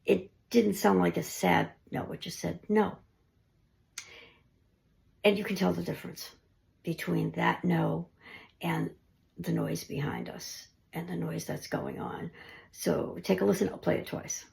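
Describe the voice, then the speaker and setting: A woman with a low voice and a heavy gravelly fry narrates her ghost-hunting recordings in a casual, conversational way. She often sinks into a hushed near-whisper. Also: big pitch swings, measured pace. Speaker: paranormal investigator.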